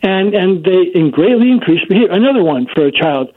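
A man's voice: sits high, lively intonation, a little fast, breathy edge, no room sound. A man speaking as a child psychology expert guest, explaining his points emphatically in an interview. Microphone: phone. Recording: dry tinny phone line.

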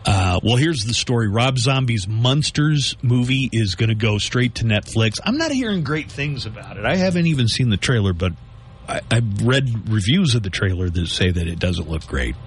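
A man's voice: medium pitch, sing-song, normal speed, slight background noise. A man co-hosting a casual chat show, talking things through aloud and tossing rhetorical questions to his co-hosts.

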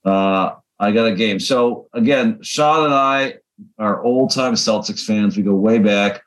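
A man's voice: fairly low pitch, unhurried, low-quality recording. Rambling male podcast co-host. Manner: loose, rambling, with fillers. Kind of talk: casual chat.

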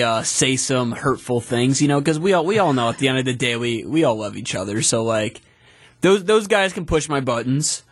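A man's voice: mid-range voice, no room sound, studio quality. A young man co-hosting a radio show, answering in an easygoing, hesitant way. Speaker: radio co-host. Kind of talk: casual radio talk.

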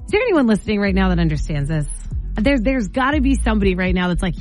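A woman hosting a morning radio show, telling a story in a chatty, animated way with playful asides, speaking into a studio microphone. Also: mid-range voice, quick pace, soft background music. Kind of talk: casual on-air chat.

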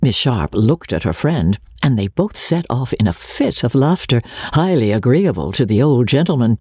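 Expressive, husky audiobook narrator. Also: mid-range voice, moderate pace, no echo, clean studio sound. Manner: expressive, ironic asides. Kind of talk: classic novel reading.

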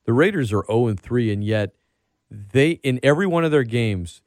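A man's voice: medium pitch, normal speed, no echo, clean studio sound. A man hosting a casual sports talk show, rambling and getting worked up as he talks. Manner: animated, rambling, gets worked up. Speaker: podcast host.

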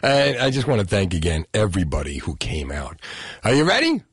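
A man hosting a radio talk show from New Jersey, bantering in a jokey, animated way with his co-host. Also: low-pitched, brisk, a little hiss or hum. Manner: jokey, animated, frequent laughs. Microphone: studio microphone.

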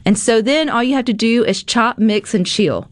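A woman hosting a casual cooking segment, chatty and animated, with frequent filler words. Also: fairly high pitch, moderate pace, no echo. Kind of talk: casual cooking demo chat.

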